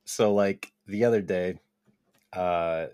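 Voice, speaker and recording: A man's voice: low-pitched, steady tone, takes it slowly, warm tone, clean tone, dry recording, clean studio sound. A young man co-hosting a podcast, telling stories in a loose, rambling way, swearing and laughing often. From Japanese-American. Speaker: podcast co-host. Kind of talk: casual chat, storytelling.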